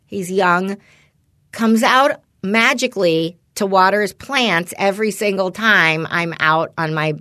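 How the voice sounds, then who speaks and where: A middle-aged woman co-hosting a casual podcast, winding through a long story with restarts and asides. Her voice sits at an ordinary middle pitch, recorded dry and close. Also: a little slow, no room sound. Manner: rambling storyteller, animated when quoting others. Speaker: podcast co-host. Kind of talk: casual chat.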